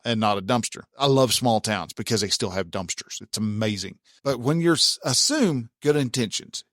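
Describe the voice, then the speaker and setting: A man's voice: medium pitch, a bit bright, no room sound, studio quality. A man talking casually as a relationship advice host, folksy and full of restarts, acting out what a spouse might say. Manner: conversational, many restarts, acts out quoted spouse lines.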